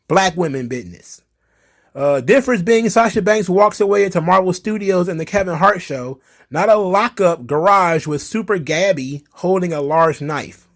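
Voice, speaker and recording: A man reads tweets aloud on his commentary channel and mocks them with a loose, profane, laughing delivery. His voice sits a little high for a man and swings widely in pitch. He sounds like a young adult. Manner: laughing, mocking, profane, lively. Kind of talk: casual commentary reading tweets.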